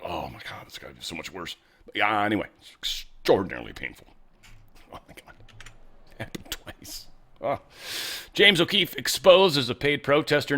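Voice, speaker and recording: A man hosting a show, talking casually and bluntly over clips, rambling and swearing, his voice swinging between loud and quiet. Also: lowish voice. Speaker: show host.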